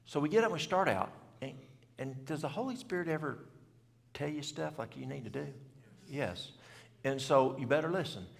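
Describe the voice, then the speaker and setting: A man's voice: a little high, expressive, normal speed. A middle-aged man, telling a story to a church audience in plain, folksy country talk. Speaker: health seminar speaker. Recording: gravelly voice in a reverberant church hall.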